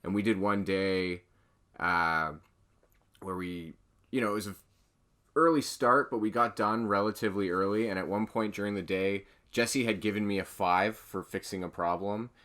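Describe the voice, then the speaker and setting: A man's voice: on the low side, normal speed. A man hosting a casual podcast, recalling past shoots in an offhand way with fillers. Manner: relaxed, offhand recollection with fillers. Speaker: podcast host. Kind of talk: casual chat.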